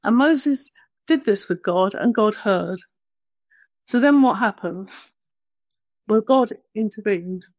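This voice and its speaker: A woman's voice: medium pitch, animated, slow pace, pauses often, dry recording. A woman preaching a conversational sermon, plain-spoken and self-deprecating.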